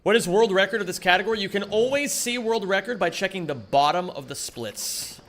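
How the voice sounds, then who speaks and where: Guy streaming, bright kinda sharp voice, a bit high, greets chat and swears a lot. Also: lively intonation, brisk, a little hiss or hum. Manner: chatty, swears casually, greets chat by name. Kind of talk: casual live-stream chat.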